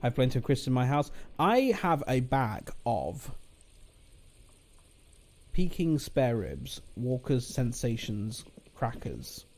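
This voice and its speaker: A man's voice: medium pitch, sing-song, slow, a little mellow. A British man streaming a game, chatting and joking in a casual, playful way. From Britain. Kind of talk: casual gaming commentary.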